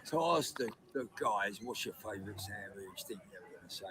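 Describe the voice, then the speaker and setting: A man's voice: on the low side, expressive, a little fast, crowd noise. A man, telling a rambling, chatty comedy anecdote over a video call. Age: 70s. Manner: rambling, chatty storyteller with restarts. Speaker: guest comedian.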